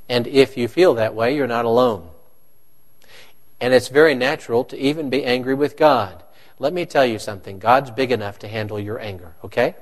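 Man preaching a slow, questioning sermon. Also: mid-range voice. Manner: conversational, asks the congregation questions. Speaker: pastor.

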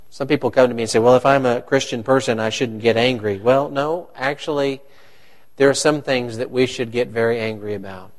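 A man, a pastor, preaching a conversational sermon and asking his congregation questions. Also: medium pitch.

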